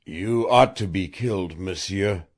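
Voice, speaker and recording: A grim, sardonic French guide with a French accent, as a male audiobook reader puts him on. He delivers dark warnings slowly, and his voice sits higher than the reader's own. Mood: sarcastic. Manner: grim, sarcastic, solemn warnings.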